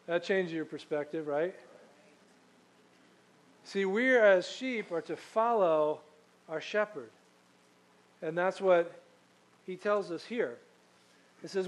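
A male pastor delivers a sermon in a relaxed, conversational storytelling manner. His voice sits high for a man. He breaks off now and then to read scripture aloud. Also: slow, long pauses, poor audio.

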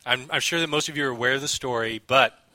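A man preaching a relaxed, joking sermon to his congregation, reading scripture aloud. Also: mid-range voice, fast talker, dry recording. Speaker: pastor.

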